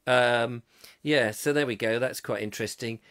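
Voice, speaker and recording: A man's voice: medium pitch, moderate pace, a bit bright. A man from England hosting a comic live chat show, reading out viewer comments and rambling off into jokes. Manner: rambling, jokey, slips into silly voices. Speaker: host.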